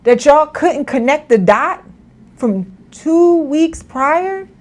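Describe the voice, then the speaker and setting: Animated high-voiced woman. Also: slow pace. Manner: animated, laughing, mock-outraged asides. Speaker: podcast co-host. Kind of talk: casual political commentary chat.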